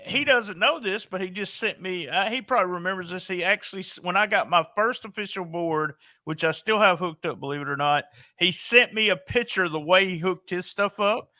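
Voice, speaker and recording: A man's voice: sits high, a little fast, hardly any pauses, bright, forceful tone, dry recording. A man chatting casually on a podcast, rambling and restarting his sentences.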